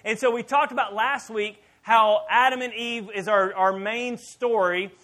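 A man preaching a sermon in church as pastor, animated and joking with the congregation. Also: high voice, unhurried.

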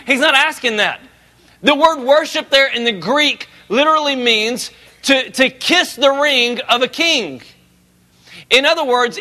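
A man preaching a sermon as a pastor, conversational and joking, rising to animated emphasis. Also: very high voice.

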